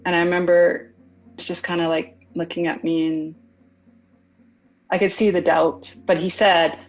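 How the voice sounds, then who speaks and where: A woman's voice: on the low side, unhurried, faint music behind. A woman recounting events in a casual interview, acting out what other people said as she goes. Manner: lively retelling, acts out other people's lines. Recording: dull lo-fi recording.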